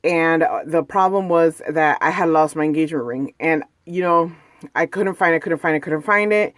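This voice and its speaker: A woman's voice: low voice, normal speed, dry recording. A woman vlogging from home, telling a personal story in a chatty, rambling way full of "like" and "you know". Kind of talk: casual personal storytelling vlog. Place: at home, indoors.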